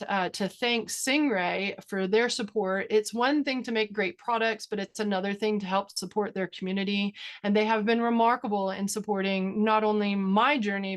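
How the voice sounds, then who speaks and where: An upbeat woman photographer leads a webinar over a video call, mid-pitched and chatty. She tells stories with animated enthusiasm, sprinkling in fillers and laughs. Her voice sits right in the middle of the usual female range. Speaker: photographer and workshop instructor. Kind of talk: webinar presentation and Q&A.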